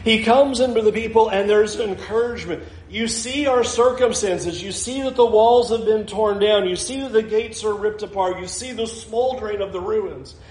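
A man with a high voice preaches a sermon, reading scripture aloud and acting out the figures in it with energy. The room around him is echoey and reverberant. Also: moderate pace, hardly any pauses. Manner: expressive, acts out quoted scripture and voices. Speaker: pastor.

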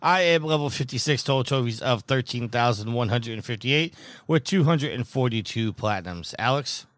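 Animated, teasing male podcast host. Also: mid-range voice, moderate pace, dry recording, clean studio sound. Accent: New York. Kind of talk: casual gaming podcast chat.

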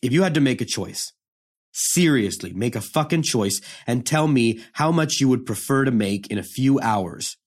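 Playing a hardened young male prisoner, an actor spits out a bitter, profane monologue full of confrontational street talk. His mid-range voice is expressive yet close to an everyday voice, moving at a moderate pace.

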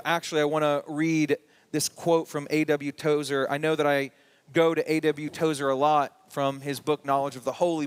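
A man preaching a sermon as pastor, with emphatic rising peaks and slow drawn-out words. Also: a little high. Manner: reads scripture and quotes aloud.

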